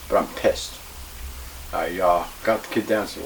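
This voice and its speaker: Low-voiced man, heated, profane storytelling. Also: fairly even intonation, moderate pace, pauses often. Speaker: retired pro wrestler. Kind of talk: shoot interview storytelling. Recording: distant mic with faint hiss.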